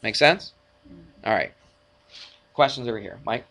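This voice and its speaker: Bright-voiced man teaching a classroom math lesson. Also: mid-range voice, measured pace, vocal fry. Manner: energetic, jokey, asks frequent check-in questions. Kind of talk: classroom lecture.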